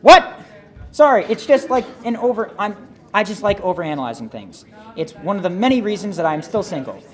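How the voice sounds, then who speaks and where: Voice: medium pitch, sing-song, a little fast, soft background music. A segment host delivering an incredulous, exaggerated comedic rant.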